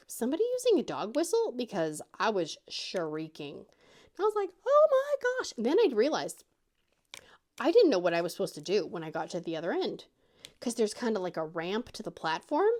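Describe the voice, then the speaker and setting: Telling a story at normal speed, a middle-aged woman who hosts a craft channel speaks expressively with a darkish tone. She keeps things casual and acts out quotes in a squeaky, high-pitched voice.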